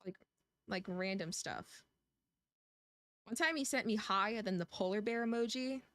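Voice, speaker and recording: A woman game streamer talks casually and rambles, circling back on herself often. Her voice sits at a middling pitch. The recording is dry and close, with no room sound. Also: normal speed, a bit bright, dry recording. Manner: rambling, chatty, with frequent restarts. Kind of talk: casual gameplay commentary.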